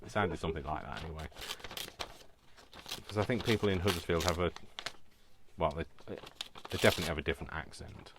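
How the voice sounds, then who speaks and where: A man chatting casually as he crafts, rambling along and quick to laugh. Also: low-pitched, background noise. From Britain. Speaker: crafting vlogger. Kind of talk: casual chat while crafting.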